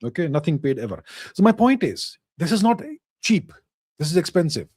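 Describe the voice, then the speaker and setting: A man's voice: on the high side, big pitch swings, normal speed, a little mellow, breathy edge, no echo. Emphatic man, dry close sound. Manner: emphatic, lecturing, repeats phrases for stress. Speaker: host answering viewer questions. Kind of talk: casual live Q&A.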